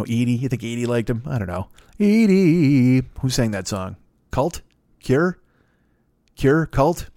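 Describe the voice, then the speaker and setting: A man's voice: mid-range voice, a little mellow, dry recording, clean studio sound. A man riffing through a profane, rambling comedic monologue, acting out voices with laughs. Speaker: podcast host.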